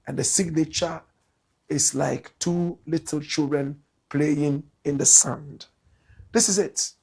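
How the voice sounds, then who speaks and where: A man's voice: on the high side, gravelly, husky. A man from Ghana hosting a political commentary show, talking emphatically and repeating key phrases for effect.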